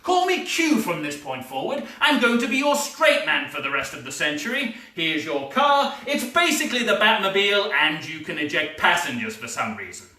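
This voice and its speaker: A man voicing a fussy, eager male gadget-maker with a high, chirpy, prim delivery. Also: very animated, moderate pace, hardly any pauses, sharp tone, exaggerated voice. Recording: echoey room, far-off mic.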